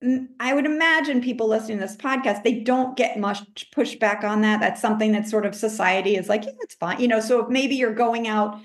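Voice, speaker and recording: A woman life coach talking in a casual interview, animated, acting out her own self-talk in a higher voice. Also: fairly quick, few pauses, echoey room. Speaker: life coach, podcast guest.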